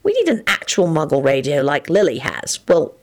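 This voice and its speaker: Lupin is a sheepish, lovesick young man who rambles earnestly in a quiet, lowered voice, as a woman reads him. The tone stays soft and mumbling in a storybook reading. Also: wildly swooping pitch, moderate pace, full character voice.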